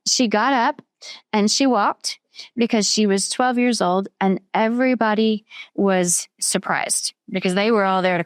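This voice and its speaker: A woman teaching children a Bible story, asking them questions and slowing down on key words. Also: mid-range voice, no echo, studio quality. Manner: patient, questioning, slows down for emphasis.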